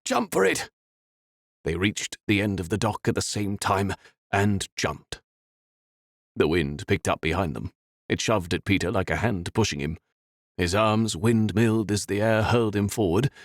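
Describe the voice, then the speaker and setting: A man reading a fantasy audiobook in an expressive, dramatic way. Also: low voice, no room sound, clean studio sound. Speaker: audiobook narrator. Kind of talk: scripted fantasy narration.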